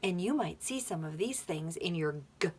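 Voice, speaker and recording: An older woman teaching a children's lesson, sounding out letters slowly and animatedly for small children. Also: on the low side, lively intonation, slightly rough. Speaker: preschool teacher.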